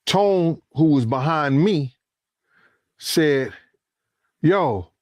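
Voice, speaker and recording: Man, animated storytelling, curses freely, fairly high voice, dry close sound. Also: moderate pace, long pauses, no room sound. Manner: acts out quoted lines, cursing, rising to shouts when excited. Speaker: interviewee telling a story.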